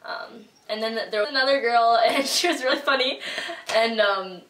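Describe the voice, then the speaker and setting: A woman's voice: on the high side, moderate pace, a bit bright, far from the mic. A young woman telling a story to her vlog viewers in a casual, chatty way, full of "like" and acted-out quotes. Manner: chatty, filler-heavy with lots of "like" and quoted reactions. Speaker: vlogger. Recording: roomy echo, voice a bit off-mic.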